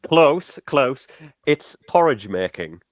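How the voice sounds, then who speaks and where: A man's voice: medium pitch, big pitch swings, slow, no echo. A man chatting enthusiastically on a podcast, reviewing a film with laughs and asides. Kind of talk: casual chat.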